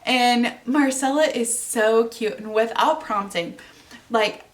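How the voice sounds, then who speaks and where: A woman's voice: a little high, takes it slowly, far from the mic. A woman in her twenties hosting her own podcast, chatting casually and bubbly with plenty of fillers. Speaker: podcast host. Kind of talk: casual solo podcast chat.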